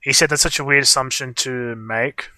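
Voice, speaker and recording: Bright-voiced young man rambling. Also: mid-range voice, fairly even intonation, normal speed, no echo. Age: young adult. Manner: rambling storytelling with frequent fillers. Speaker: livestream co-host. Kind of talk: casual chat.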